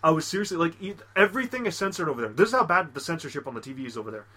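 A man co-hosting a casual podcast, rattling off a crude, rambling anecdote at a quick clip. His voice sits a little high and sounds bright and forceful, and his story is full of fillers and restarts. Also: very animated, slightly rough. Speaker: podcast co-host. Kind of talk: casual chat.

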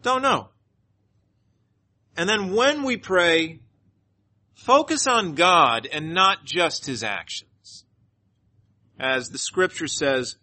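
Bright-voiced male pastor telling stories. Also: a little high, takes it slowly, pauses often. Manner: animated storyteller, earnest preaching, closes in prayer. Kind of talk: sermon with personal storytelling.

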